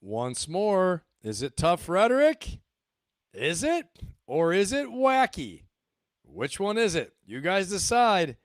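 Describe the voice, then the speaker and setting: A man's voice: high-pitched, wildly swooping pitch, takes it slowly, no echo. Emphatic middle-aged man, dry sound. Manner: emphatic, repeats himself, asks rhetorical questions. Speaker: channel host, retired Marine officer. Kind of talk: casual commentary to viewers.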